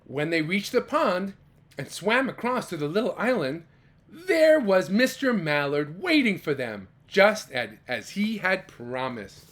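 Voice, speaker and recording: A man reading a children's picture book aloud, animated and stopping to ask the young listener questions. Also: high-pitched, unhurried. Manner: animated, asks the listener questions, gasps and exclaims. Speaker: children's storyteller.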